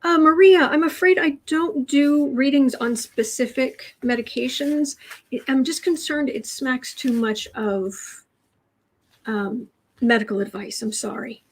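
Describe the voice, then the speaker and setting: A woman's voice: sits high, steady tone, measured pace. A woman from the United States hosts a tarot livestream in a casual, chatty way, wandering off into stories. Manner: chatty, digressive storytelling. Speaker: tarot reader, livestream host.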